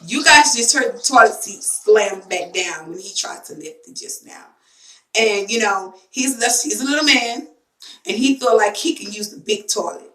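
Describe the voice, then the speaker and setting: A woman's voice: medium pitch, lively intonation, moderate pace, a bit bright, recorded from a distance. Woman, young adult, casual chat to camera, rambling and emotional, bathroom echo. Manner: rambling, emotional storytelling with many fillers. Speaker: vlogger. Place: home bathroom. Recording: echoey bathroom, voice from mic.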